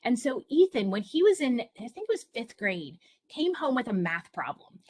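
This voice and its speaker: A woman's voice: a little high, big pitch swings, normal speed, a little mellow, no room sound. A middle-aged woman presenting to parents over a video call, telling personal stories in an earnest, encouraging way. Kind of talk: online presentation for families.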